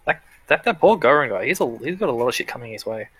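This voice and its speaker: A man's voice: mid-range voice, big pitch swings, fast talker, fairly bright tone, slightly rough, no echo, rough recording. A man narrating as game master in a tabletop role-playing game, easygoing and chatty, laughing often.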